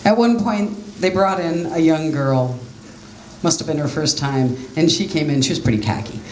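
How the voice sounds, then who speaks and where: Self-deprecating stand-up comic mom. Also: female voice, low-pitched, moderate pace, a little mellow, a little hiss or hum. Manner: self-deprecating, conversational storytelling with quoted voices. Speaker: stand-up comedian. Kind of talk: stand-up comedy set. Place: small jazz club stage, live audience laughing. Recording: roomy club sound with faint ambience.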